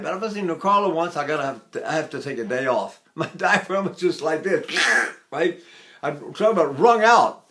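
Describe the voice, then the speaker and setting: High-voiced older male voice teacher. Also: a bit bright. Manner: chatty, demonstrating with sung syllables. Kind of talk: vocal lesson with sung demonstrations.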